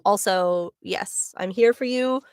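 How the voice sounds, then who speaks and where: A voice actress with a New Jersey accent talks slowly and smoothly in a mid-range voice, recorded at studio quality with no room sound. She hosts a signing livestream, chatting casually and bubbly with viewers, laughing and saying "like" often.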